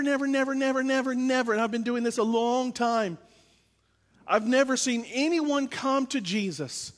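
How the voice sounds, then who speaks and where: High-voiced male pastor in a reverberant church. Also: fairly bright tone. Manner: conversational preaching with repeated phrases. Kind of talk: sermon.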